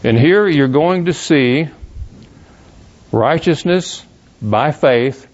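A man's voice: a little high, expressive, slow, darkish tone. A man teaching verse by verse from the Bible in an emphatic, questioning manner, rereading passages aloud. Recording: dull lo-fi recording.

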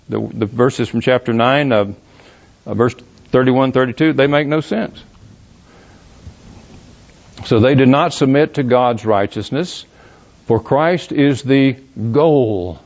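A man's voice: medium pitch, darkish tone. A man teaching verse by verse from the Bible in an emphatic, questioning manner, rereading passages aloud. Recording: dull lo-fi recording.

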